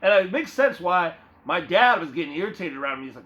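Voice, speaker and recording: This young vlogger talks quickly with hardly a pause, his voice on the high side and fairly bright. He rambles to his viewers in a loose, profane, slangy way, addressing them as "bro," recorded on a phone with dull lo-fi sound.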